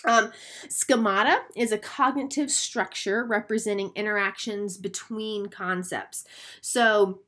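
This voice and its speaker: A woman's voice: medium pitch, fairly even intonation, measured pace, a bit bright. A woman giving a recorded lecture, explaining terms step by step and often checking in with "okay?". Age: adult, a mother.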